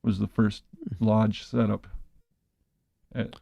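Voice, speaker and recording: A man's voice: on the low side, level tone, slow, vocal fry, mellow, no echo, highs cut off. A man from the United States talking in a casual chat, easygoing and explaining things at length with plenty of fillers.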